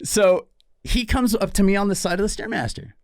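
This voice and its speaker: Recorded cleanly in a podcast studio with no room sound, a forty-something man with a high, brisk voice and some vocal fry tells a story as a co-host. He chats casually, acts out the exchanges with animation, and keeps saying "dude" and "right?".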